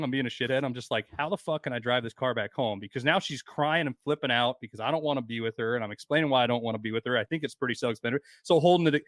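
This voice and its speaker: A man's voice: medium pitch, a bit bright, no room sound. A man in his forties telling rambling, profane stories on a podcast as a guest, acting out other people's lines. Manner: profane, rambling anecdotes with quoted voices. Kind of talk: casual podcast storytelling.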